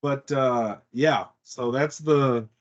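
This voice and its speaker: A man's voice: mid-range voice, takes it slowly, highs cut off. A man on a casual podcast telling a long story, rambling and profane, with lots of "like" fillers. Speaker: podcast co-host.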